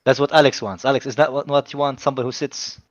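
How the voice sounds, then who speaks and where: A man joining a football chat, talking quickly, pushing and teasing the others. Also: mid-range voice, little pitch movement, highs cut off.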